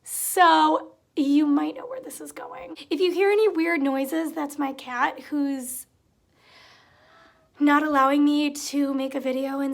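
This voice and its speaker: At a measured pace, a young woman with a high-pitched, vocal-fry voice tells casual stories about retail. She grows exasperated while acting out what customers said. She vlogs from a home room, a cat close by.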